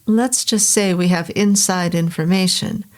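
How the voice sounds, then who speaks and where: A woman voicing an uneasy adult man in a story, polite and brisk. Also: lowish voice, fairly even intonation, darkish tone, natural voice.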